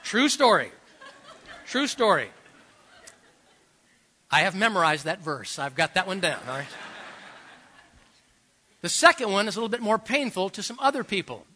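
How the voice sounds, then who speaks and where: A middle-aged man, a pastor, preaching a sermon and telling personal stories, swinging between loud emphasis and quiet asides. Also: sits high, fairly quick, pauses often, a little hiss or hum.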